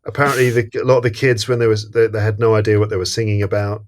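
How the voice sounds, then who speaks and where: A man from England hosting a podcast, recounting film scenes in a relaxed, amused way. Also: fairly low pitch, very fast. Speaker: podcast host. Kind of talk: casual film discussion.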